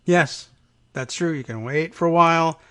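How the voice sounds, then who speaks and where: A man hosting a casual political talk show, agreeing often and retelling news with quick quoted asides. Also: fairly high pitch, pushed and bright, clean tone. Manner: agreeable, chuckling, slips into quoted voices. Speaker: radio talk show host.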